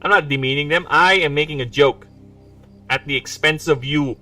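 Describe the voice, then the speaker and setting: A man's voice: on the high side, normal speed, bright, forceful tone. Rambling, joking man streaming from afar. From Philippines. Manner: rambling, joking, self-mocking asides. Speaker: indie game developer streamer. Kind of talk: casual livestream chat, reading lore aloud. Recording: distant mic with background music.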